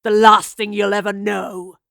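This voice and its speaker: A woman's voice: medium pitch, lively intonation, normal speed, fairly bright tone, dry recording, studio quality, close to an everyday voice. A woman voicing a menacing, volatile man who shifts from smug politeness to snarling threats. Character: menacing, volatile man hiding his true identity.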